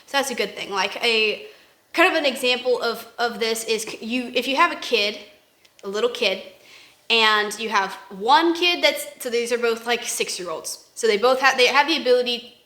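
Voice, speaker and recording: A woman's voice: fairly high pitch, normal speed, pushed and bright. A woman co-hosting a casual faith discussion, rambling and acting out examples in quoted voices. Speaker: podcast co-host. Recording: roomy echo.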